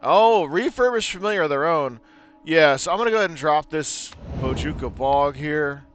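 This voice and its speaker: A man's voice: on the high side, animated, moderate pace, fairly bright tone, a little hiss or hum. A man casually commentating a card game, joking around and laughing at his own bits. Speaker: gameplay commentator.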